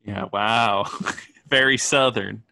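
A man with a bright, forceful tone co-hosts a relaxed film podcast. The sound is dry, with no room echo. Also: lowish voice, slow, gravelly. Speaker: podcast co-host. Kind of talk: casual movie review chat.

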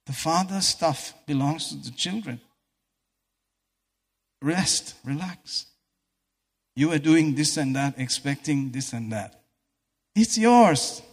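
A man's voice: a little high, animated, slow, long pauses, big-room sound, heavily acted. A preacher playing an overjoyed father. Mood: reassuring. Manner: exuberant, shouting with delight. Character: overjoyed father welcoming his son home.

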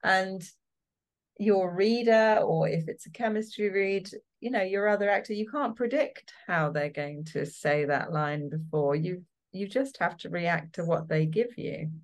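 Animated woman casting director, chatty. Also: on the low side, a little slow. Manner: animated, laughs often, acts out quoted reactions. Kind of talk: interview guest, casual conversation.

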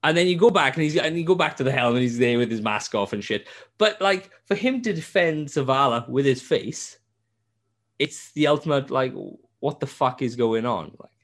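A man, a podcast host telling a game's story in casual chat, animated and full of swearing and restarts. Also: medium pitch, moderate pace.

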